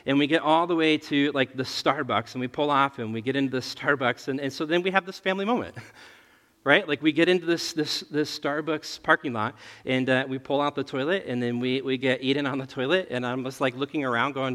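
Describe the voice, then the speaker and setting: A man in his thirties, a pastor telling a family story in a relaxed, chatty sermon and often laughing at himself. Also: on the high side, a little fast. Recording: long reverb of a large hall.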